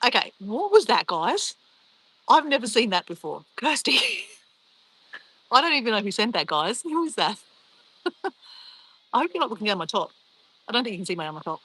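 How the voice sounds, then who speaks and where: A woman's voice: on the high side, very animated, moderate pace, pauses often, sharp tone, slightly rough, no echo, low-quality recording. Bubbly Australian woman live streaming. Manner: chatty, bubbly, reacting to viewers. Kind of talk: casual live-stream chat.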